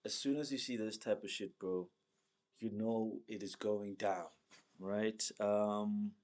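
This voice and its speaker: A young man from South Africa with a very low voice, hosting a solo show. He rambles casually, swears a lot and reads items off a list, stopping for asides. It sounds like an informal self-made stream. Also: steady tone, slow, a little mellow. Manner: loose, rambling, swears often, reads lists aloud. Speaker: podcast host.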